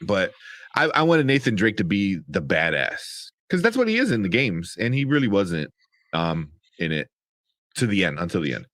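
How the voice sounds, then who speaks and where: A man co-hosting a casual movie review show, animated and profane, laughing often. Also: low-pitched, moderate pace, no room sound. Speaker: podcast co-host.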